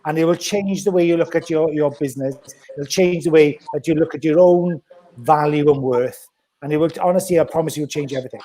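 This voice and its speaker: Male podcast co-host, blunt and animated, higher voice, dark tone. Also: a little fast. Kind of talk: casual podcast chat.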